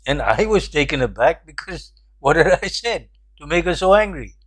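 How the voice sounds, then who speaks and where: A somewhat high-pitched older man tells a story from his past. He speaks in a measured, reflective way and pauses to make his point. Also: very animated. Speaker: host. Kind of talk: storytelling commentary.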